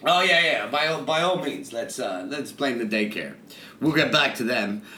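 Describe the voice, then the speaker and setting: Teasing, bright-voiced male podcast co-host. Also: medium pitch, lively intonation, normal speed, slight background noise. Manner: laughing, teasing, profane. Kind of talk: casual podcast banter.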